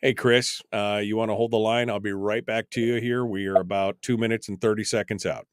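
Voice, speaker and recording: A man's voice: fairly low pitch, flat delivery, brisk, smooth, dry recording, clean studio sound. A man hosting a casual call-in radio talk show, rambling loosely with many fillers and chuckles. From United States.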